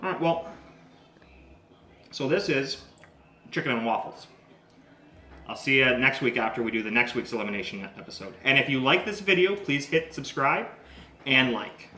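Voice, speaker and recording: A man runs his own cooking channel from a home kitchen, talking casually as he cooks and tastes. His voice is sharp and bright. The room is noticeably echoey, with a faint hum of household noise behind him. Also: medium pitch, expressive, moderate pace, long pauses. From Canada. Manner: chatty, talks while tasting food. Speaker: home cook and channel host.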